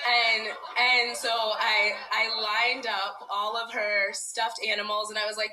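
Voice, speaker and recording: A woman's voice: medium pitch, fairly even intonation, normal speed, hardly any pauses, pushed and bright, poor audio. A woman in her thirties telling a personal story on stage, chatty and self-deprecating, laughing often and filling with "like". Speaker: storyteller, parent and educator.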